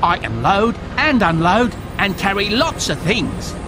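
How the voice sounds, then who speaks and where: A man's voice: sits high, sing-song, a little slow, background noise. A man voicing an eager young male front loader machine in a storybook, talking proudly and keenly. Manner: proud, keen, whirring delivery.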